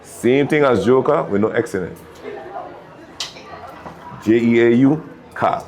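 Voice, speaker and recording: A man's voice: mid-range voice, unhurried, darkish tone. A man with a Virgin Islands accent, a DJ telling stories in a casual interview in a laid-back way. He often checks in with his listener and laughs as he talks. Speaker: DJ and music producer.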